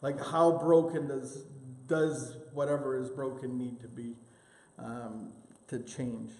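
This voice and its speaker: A man's voice: mid-range voice, level tone, slow pace, dark tone. A man leading a church group session, telling self-deprecating home-repair stories in a rambling, casual way with many fillers. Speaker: church small-group leader. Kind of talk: casual teaching talk with personal stories. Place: church meeting room. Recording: echoey hall with long reverb.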